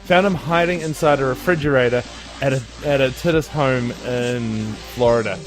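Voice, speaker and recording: A man's voice: mid-range voice, normal speed, music in the background. A man hosting a casual podcast, reading odd news headlines and laughing at his own bad dad jokes. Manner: jokey, tells groan-worthy dad jokes and laughs at them. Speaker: podcast host. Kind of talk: casual comedy podcast chat.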